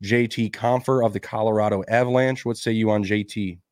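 A man co-hosting a casual sports podcast, raspy and under the weather, rambling loosely with fillers. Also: lowish voice, steady tone, fairly quick, a little mellow, no echo, clean studio sound. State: sick, raspy from a cough. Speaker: podcast co-host.

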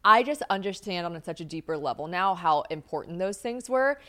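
A woman's voice: on the low side, animated, fairly quick, a bit bright. A young woman from the United States hosting a podcast, talking casually, swearing and laughing as she acts out what people said. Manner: chatty, swearing, laughs often, acts out quoted voices. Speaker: podcast host. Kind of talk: casual chat.

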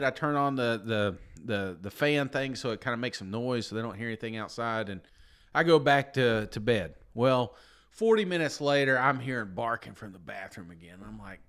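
Mid-range and smooth, his fairly bright voice moves at a moderate pace with lively intonation. The man is co-hosting a podcast, tired from no sleep, and rambles through a lengthy self-mocking tale, often asking "you know what I'm saying."

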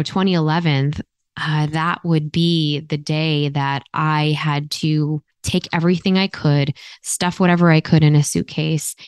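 Low-voiced woman telling her story. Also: smooth, dry recording, studio quality. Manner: reflective, earnest, slows down on painful points. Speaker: author and guest. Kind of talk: personal story in an interview.

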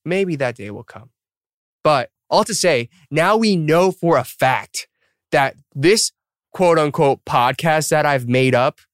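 In a studio-quality recording with no room sound, a man in his thirties hosts a podcast with his mid-range voice. He chats casually, rambling through lots of fillers and laughing at himself.

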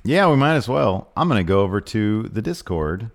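Low-voiced man with a lively delivery. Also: moderate pace, vocal fry. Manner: reads previews in a hyped announcer voice, then chats loosely. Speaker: podcast host. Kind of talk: casual chat.

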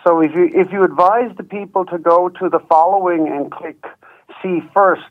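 Male phone caller, matter-of-fact, fairly high voice, thin phone-line sound. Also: fairly even intonation, normal speed.

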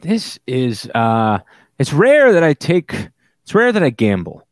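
A man co-hosting a casual chat over a remote call, quick to laugh and joke. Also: medium pitch, huge pitch swings, dry recording, clean studio sound. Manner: laughs often, jokey, playful voices.

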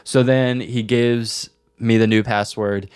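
A young man, co-host of a podcast, telling a story in casual chat, animated and swearing, acting out the voices of the people in it. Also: mid-range voice, slow, clean tone, no room sound, clean studio sound. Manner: animated, swearing, acts out voices in his stories.

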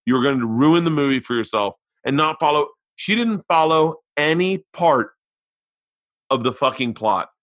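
A man in his forties, a comedian hosting his podcast, telling stories in a profane, animated, exasperated way and reading an ad. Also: fairly high pitch, normal speed, no echo. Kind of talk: casual storytelling and ad read.

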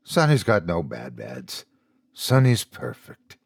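A man voicing a weary, ill adult father who speaks softly and tenderly at times and shouts in anguish at others. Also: low-pitched, huge pitch swings, slow pace, gravelly, husky, dry recording, studio quality, pitched below the performer's own voice, exaggerated voice.

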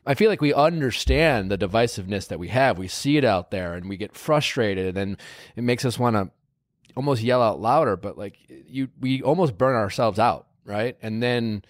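A man's voice: on the low side, expressive, moderate pace, no room sound, clean studio sound. A young man in his twenties hosting a podcast, who asks questions with hesitant restarts. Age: 20s. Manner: hesitant, many restarts when asking questions. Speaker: podcast host. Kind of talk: conversational podcast interview.

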